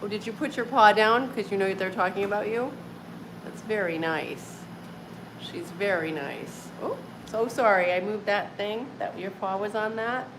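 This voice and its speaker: Speaking a little slowly in a mid-range voice, a woman in her forties runs a relaxed home livestream and talks with her viewers. She's chatty, often laughing, and her speech is full of "like" and "um." Background noise is clearly present.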